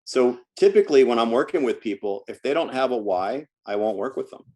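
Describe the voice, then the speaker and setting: A man's voice: medium pitch, lively intonation, fairly quick, a little mellow. A man who works as a health coach, talking casually in an interview and telling stories from his work, often restarting and repeating words.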